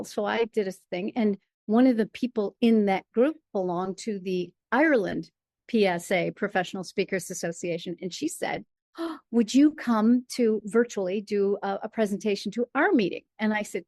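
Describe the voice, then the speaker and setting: A middle-aged American woman telling her stories as an interview guest, animated and quick to laugh. Her voice sits at an ordinary pitch for a woman. The sound is dry and close, with no room around it. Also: no room sound. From United States. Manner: animated storyteller, laughs often. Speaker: guest, playwright and performer. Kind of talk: casual interview conversation.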